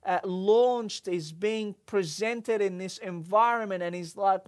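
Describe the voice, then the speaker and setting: A preacher giving an earnest sermon, often halting and restarting mid-phrase, building emphasis through repetition. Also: mid-range voice. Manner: halting, with many restarts and fillers.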